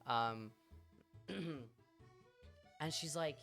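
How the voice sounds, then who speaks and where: Bright sharp-voiced streamer rambling thru a story, swears a lot. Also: mid-range voice, extremely slow, faint music behind. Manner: chatty, swears freely, animated story delivery. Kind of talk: casual storytelling on a live stream.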